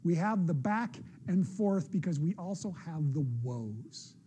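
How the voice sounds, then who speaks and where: A man's voice: a little high, lively intonation, a little slow, dark tone, a little hiss or hum. A middle-aged man, a pastor, preaching a sermon in an earnest, conversational way with personal asides.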